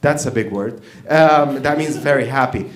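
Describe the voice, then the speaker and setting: A man's voice: medium pitch, normal speed. A man performing a profane stand-up set, acting out both sides of his stories on a comedy club stage. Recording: roomy live club sound.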